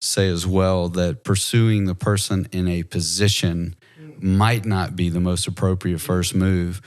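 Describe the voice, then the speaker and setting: A male podcast host with a very deep voice. He speaks in a measured, reflective way and gives advice in casual conversation. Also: flat delivery, darkish tone.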